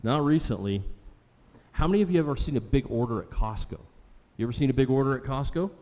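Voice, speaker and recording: A man's voice: medium pitch, fast talker, mellow. A man pastor preaching a sermon in a conversational way, putting questions to the congregation. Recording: long hall reverb.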